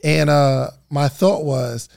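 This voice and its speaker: A man co-hosting a podcast, chatting casually as an animated storyteller who laughs often and rambles loosely. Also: fairly high pitch, takes it slowly, creaky. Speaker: podcast co-host.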